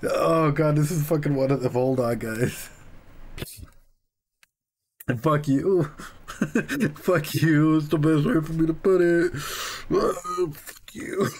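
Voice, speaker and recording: A man's voice: a little high, slow pace, pauses often, a little mellow. A young man, a psychologist, reacting live to an anime, swearing freely and laughing to hold back tears. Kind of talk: emotional live reaction commentary.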